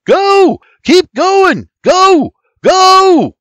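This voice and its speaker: A man shouting as a frantic young man. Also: extremely high pitch, animated, very slow, no echo, voice pushed up, exaggerated voice. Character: young man screaming to wake family in fire.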